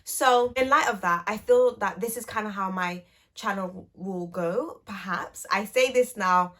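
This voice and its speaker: A woman in her twenties speaks straight to camera in a relaxed catch-up vlog. She is chatty and playful and often pokes fun at herself. Her voice sits at an ordinary middle pitch for a woman. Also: unhurried. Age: 20s. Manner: chatty, playful and self-teasing, with light laughs. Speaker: YouTuber and speech and language therapist.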